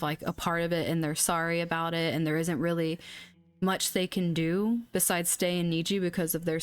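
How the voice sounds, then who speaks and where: A young woman hosting an astrology livestream, chatting bluntly and casually, swearing now and then. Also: on the low side. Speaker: astrology channel host.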